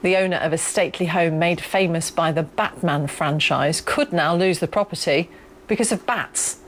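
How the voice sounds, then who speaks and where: A woman presenting the news in a formal, even reading. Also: fairly low pitch, normal speed, slight background noise.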